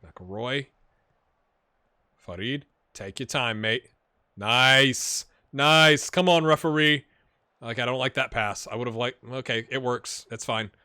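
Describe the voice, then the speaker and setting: A man hosting a game channel, giving chatty, excitable live commentary while he plays and talking straight to his viewers. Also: medium pitch, measured pace, dry recording. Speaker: gaming channel host.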